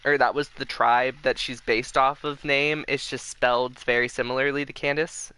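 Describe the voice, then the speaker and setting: A young man streaming a game, rambling excitedly with lots of fillers in casual commentary. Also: medium pitch, moderate pace, clean tone, no echo.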